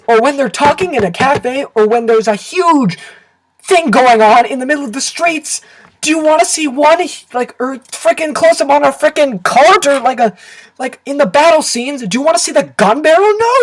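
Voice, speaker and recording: A man reviewing a film to camera in an excitable, animated rant full of exaggerated outbursts. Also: extremely high pitch, a little hiss or hum, low-quality recording. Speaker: movie reviewer.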